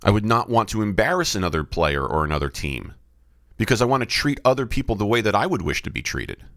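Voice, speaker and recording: Talking fast, the middle-aged podcaster who also umpires baseball thinks out loud in a solo reflective episode. His lowish voice swings widely in pitch as he muses, questions himself and keeps restarting. It's a dry, close-miked studio recording.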